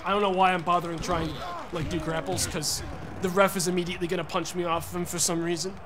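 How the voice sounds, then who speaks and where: A young man streaming a wrestling game, frustrated and profane, yelling at the referee between muttered plans. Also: high-pitched, level tone, fast talker, background noise. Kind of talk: gaming commentary.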